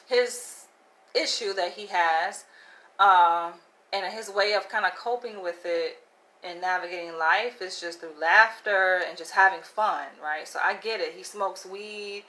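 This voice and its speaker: Chatty bright-voiced woman telling a story. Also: medium pitch, rough recording. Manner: chatty and candid, many "like" and "right?" asides, laughs often. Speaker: vlogger. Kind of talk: casual storytelling to camera.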